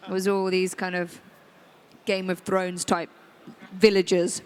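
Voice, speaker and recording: An actress talking casually on a convention panel, easygoing and a little hesitant. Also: female voice, lowish voice, level tone, a little slow, clean tone. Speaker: voice and motion capture actress.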